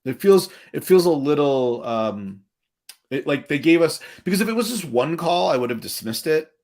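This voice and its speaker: A man hosts a laid-back conversation, his voice rising and falling in lively swings at a middle pitch. He talks with an animated manner, often restarting his sentences mid-thought. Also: normal speed. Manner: animated, many restarts and hedges. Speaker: podcast host. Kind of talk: casual chat.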